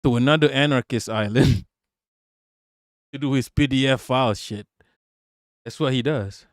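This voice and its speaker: A man's voice: mid-range voice, normal speed, dry recording, clean studio sound. A man live-streaming, reacting to a video and his chat in brash, profane casual talk.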